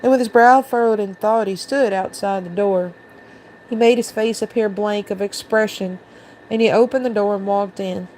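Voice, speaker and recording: A woman reading a storybook aloud to her viewers at a mid-range pitch. She keeps the narration steady and even, with a faint hiss behind her. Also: moderate pace, low-quality recording. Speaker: channel host reading aloud.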